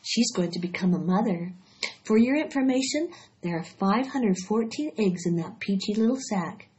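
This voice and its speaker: A woman's voice: medium pitch, expressive, normal speed, darkish tone, close to an everyday voice. A woman voicing a young male pig who speaks in an earnest, matter-of-fact way. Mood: teasing. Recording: dull lo-fi recording.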